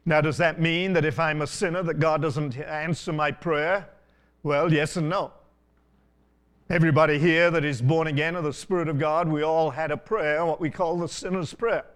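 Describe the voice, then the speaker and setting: A man's voice: fairly high pitch, fairly even intonation, smooth. Older male preacher, storytelling sermon. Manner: unhurried storytelling preaching, frequent asides. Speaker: pastor.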